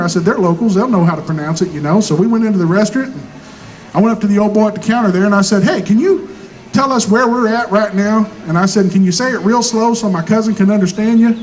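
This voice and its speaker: A man with a Southern rural American accent telling stand-up jokes in a folksy hillbilly drawl, acting out both sides of each exchange and landing punchlines deadpan. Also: high voice, low-quality recording. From Missouri. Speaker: stand-up comedian. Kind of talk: stand-up comedy storytelling.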